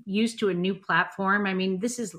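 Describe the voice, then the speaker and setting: A woman's voice: medium pitch, steady tone, moderate pace, fairly bright tone. A woman hosting a live online show, talking with gushing enthusiasm about her guests. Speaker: host.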